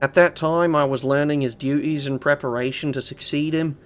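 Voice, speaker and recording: A man's voice: mid-range voice, animated, moderate pace, natural voice. A man voicing an aging male butler who looks back on his youth, reading game notes aloud in a mock-formal, wistful put-on voice.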